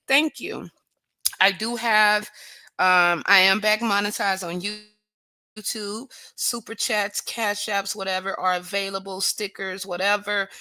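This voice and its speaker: A woman's voice: medium pitch, sharp tone, no room sound. A woman hosting a casual livestream, greeting viewers by name and praising God often. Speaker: livestream host.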